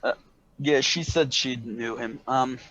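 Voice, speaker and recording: A man running a tabletop game as game master, narrating with halting fillers. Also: medium pitch, fairly even intonation, bright, forceful tone. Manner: halting, many fillers and restarts.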